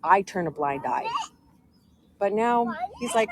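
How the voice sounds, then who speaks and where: A woman's voice: medium pitch, expressive, a little slow, noisy background. Aggrieved woman rambling through her story. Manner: aggrieved, rambling, quotes others in her own voice. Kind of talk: casual storytelling to a live audience.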